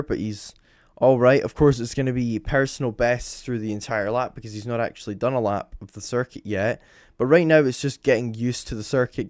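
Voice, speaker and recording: Young Scottish man, casual livestream commentator, mid pitch, dry close sound. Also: darkish tone, clear, resonant tone, dry recording. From Scotland. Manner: rambling, chatty, lots of ums and self-corrections. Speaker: motorsport livestream host. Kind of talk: live commentary over timing screens.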